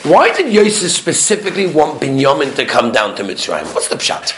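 A man with a high voice gives a Torah class, his pitch swinging widely from line to line. He teaches in a lively, emphatic way and acts out each quoted speaker. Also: brisk, slight background noise.

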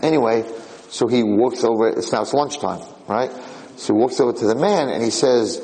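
Animated rabbi in an echoey hall. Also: male voice, fairly low pitch, brisk. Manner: animated storyteller, repeats and restarts phrases. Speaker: rabbi giving a Torah class. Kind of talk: informal Torah lecture.

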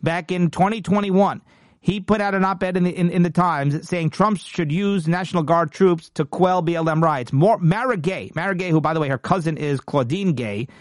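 Guy doing a political commentary show, kinda high voice, worked up and emphatic, dry close sound. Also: normal speed, dry recording. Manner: emphatic and indignant, with frequent restarts.

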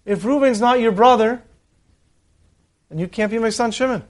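A man voicing a stern old father in a parable, speaking calmly and measuredly. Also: extremely high pitch, normal speed.

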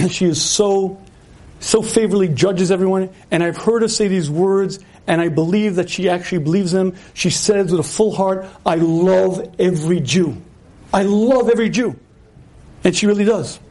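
A man with a high, mellow voice gives a religious lecture, telling stories and acting out each side of the dialogue. He clears his throat often as he talks, and his delivery stays lively and conversational. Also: normal speed. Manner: animated storyteller acting out dialogue. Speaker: rabbi giving a lecture. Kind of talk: storytelling lecture.

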